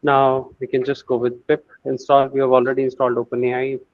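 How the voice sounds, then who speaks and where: A man's voice: medium pitch, completely flat delivery, brisk, no room sound, phone-quality sound. A man teaching a screen-share coding lesson, thinking aloud with many fillers and restarts. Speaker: AI course instructor.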